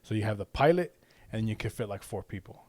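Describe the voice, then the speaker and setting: Casual swearing dad, dry close sound. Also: male voice, on the low side, lively intonation, quick pace, darkish tone, dry recording. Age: young adult to middle-aged father. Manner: rambling, profane, keeps checking in with 'right?'. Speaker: podcast co-host. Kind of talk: casual storytelling.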